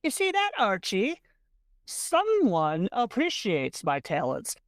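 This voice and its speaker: A playful, flirtatious Englishwoman who slips between accents for fun, as a woman game master puts her on. She talks in a teasing, theatrical way, with a lively lilt. The sound is dry and close. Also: mid-range voice, takes it slowly, no echo. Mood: pleased.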